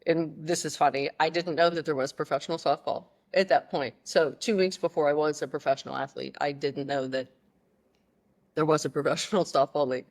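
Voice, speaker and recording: A woman in her thirties from the Pittsburgh area, a podcast guest telling her story in a casual, animated way with many fillers and restarts. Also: deep voice, brisk.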